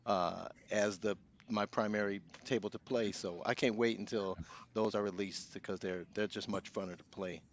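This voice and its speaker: Low-ish guy co-hosting, rambles, says you know a lot, bit of hiss behind. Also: steady tone, moderate pace, dull audio. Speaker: podcast co-host. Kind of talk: casual podcast chat.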